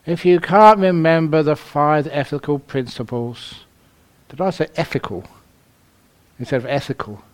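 A man's voice: a little high, normal speed. A man with a London accent giving a humorous dharma talk to a retreat, telling stories and chuckling at his own jokes. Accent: London English. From London, England. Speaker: meditation teacher.

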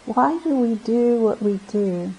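A woman meditation teacher giving a gentle, reflective dharma talk at a retreat center, often pausing and restarting her phrases. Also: on the high side, slightly rough, rough recording.

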